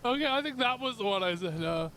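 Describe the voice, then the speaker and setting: A British man talks his way through an online roleplay with a lively, up-and-down voice at an ordinary pitch. He is chatty and laughs easily, trailing off and restarting as he goes. A faint hum of noise sits under his voice. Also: fast. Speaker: streamer playing an American character in an online roleplay game. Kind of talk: casual in-character roleplay chat.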